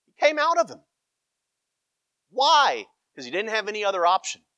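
A man preaching a sermon, emphatic and animated, swinging between loud cries and hushed asides. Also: high voice, moderate pace, no echo.

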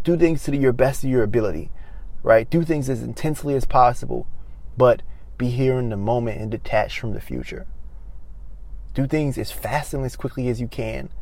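A young man hosts his own podcast and tells a personal story in a relaxed monologue. He leans on fillers, restarts, and quick reenactments of what people said. His tone moves between excited bursts and calmer reflection. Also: mid-range voice. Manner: animated, filler-heavy, reenacts dialogue. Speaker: podcast host.

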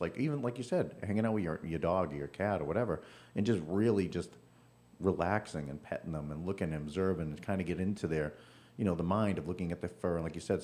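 A male podcast co-host with a very low, mellow voice. He rambles agreeably and often restarts his sentences. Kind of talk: casual podcast conversation.

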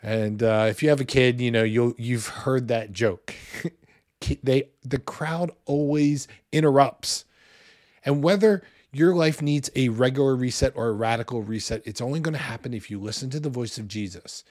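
A man in his forties preaching a sermon in a conversational, animated way, with loud bursts when he acts out what people say. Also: medium pitch, moderate pace, no echo, studio quality. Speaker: pastor.

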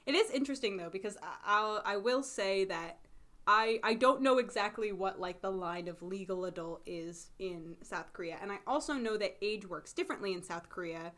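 Animated young woman recapping a show. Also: mid-range voice, normal speed. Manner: animated, laughs often, acts out quotes. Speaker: podcast co-host. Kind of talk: casual chat recapping a drama.

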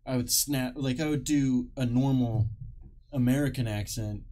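A man's voice: mid-range voice, moderate pace, warm tone. A man co-hosting a casual podcast, rambling and swearing as he tells stories. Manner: swears freely, rambling storytelling. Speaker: podcast co-host.

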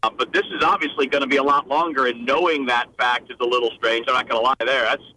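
A male sports radio guest with a bright, forceful voice. He talks in a loose, conversational way, often restarting his sentences. His delivery suits a casual on-air interview. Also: medium pitch, fairly even intonation, fast, a little hiss or hum, low-quality recording. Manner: conversational, many restarts and fillers.

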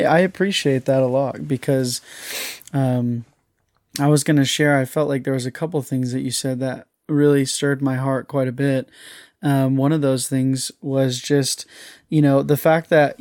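A man's voice: mid-range voice, steady tone, normal speed, a little mellow, no room sound, clean studio sound. Earnest man sharing his story. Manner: earnest, confessional, many restarts. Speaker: interview guest. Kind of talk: casual chat.

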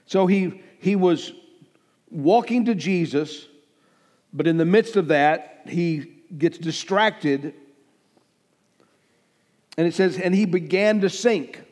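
A man's voice: high voice, takes it slowly, long pauses, a little mellow, long reverb tail. A man pastor preaching a sermon emphatically, swelling and dropping his volume and acting out the lines he quotes.

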